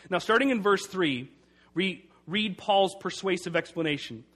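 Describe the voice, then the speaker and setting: High-voiced man preaching emphatically. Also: a bit bright. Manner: emphatic, repeats key phrases slowly for weight. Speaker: pastor. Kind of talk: sermon.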